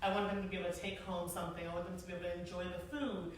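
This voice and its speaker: A woman in her forties telling stories to an audience in a casual, animated way, laughing often and using many fillers. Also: fairly low pitch, very fast. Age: 40s. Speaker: guest speaker, former event planner. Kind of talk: casual storytelling talk to an audience. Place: large echoey hall. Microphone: far from the mic. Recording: echoey hall, distant mic, faint noise.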